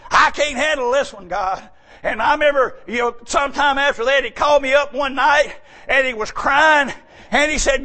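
Man, preacher, high voice, shouting sermon, folksy storytelling. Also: moderate pace, some chatter behind.

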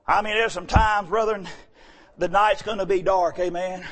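A middle-aged male pastor, preaching a sermon in a shouting cadence that drops to quiet storytelling. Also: sits high, steady tone, normal speed.

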